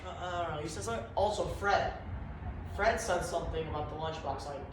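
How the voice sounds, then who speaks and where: A man's voice: fairly high pitch, fairly quick, noisy background. A man telling a rambling comic story in a meandering, confused way. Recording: echoey room, far from mic.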